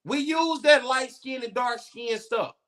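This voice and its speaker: A man with a high, bright, forceful voice talks bluntly in a casual podcast chat. He cusses freely and acts out the people in his stories. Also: a little slow. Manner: blunt, animated storytelling with profanity. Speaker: co-host.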